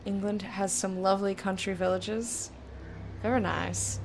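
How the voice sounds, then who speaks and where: A young woman casually commenting while playing a video game, chatty and thinking aloud, with sudden bursts of excitement. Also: medium pitch, a little slow, creaky, a little hiss or hum. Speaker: let's play streamer.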